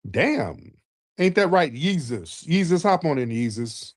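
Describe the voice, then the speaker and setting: A man's voice: unhurried, no echo, clean studio sound. Emphatic man hosting a call-in talk show. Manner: emphatic, animated, rising in pitch when indignant. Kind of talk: casual livestream commentary.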